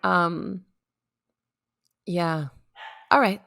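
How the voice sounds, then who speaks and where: A woman co-hosting a podcast in casual chat, chiming in with quick agreement. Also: lowish voice, fairly even intonation, gravelly, bright, forceful tone. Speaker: podcast co-host.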